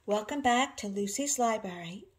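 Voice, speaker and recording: A woman reading a picture book aloud in a gentle, cozy way from a snug spot at home, speaking to her dog. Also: mid-range voice, animated, normal speed. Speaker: storybook reader.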